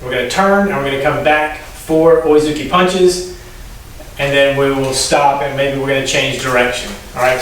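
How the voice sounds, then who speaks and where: Brief: male karate instructor, fairly high voice, recorded from afar in a very echoey room. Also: a bit bright, a little hiss or hum. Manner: instructive, calls Japanese counts rising sharply in pitch. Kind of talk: teaching a class, explaining and calling counts. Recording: very echoey room, distant mic.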